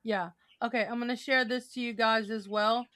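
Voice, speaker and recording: A woman co-hosting a podcast, telling stories in a lively casual chat and laughing often. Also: a little high, normal speed, dry recording. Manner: animated storyteller, laughs often. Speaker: podcast co-host.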